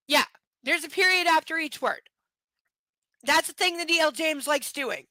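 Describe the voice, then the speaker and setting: A weary live stream book reader works through a novel, often pausing and breaking off for blunt, sardonic, swear-heavy chatter. She speaks at a moderate pace in a bright, high voice captured in a close, dry recording.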